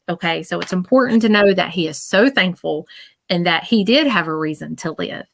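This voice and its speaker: A woman giving a psychic reading on a live stream, chatty and repetitive, often pausing to listen. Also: on the low side, gravelly, a bit bright. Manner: chatty, repeats herself, often pauses to listen.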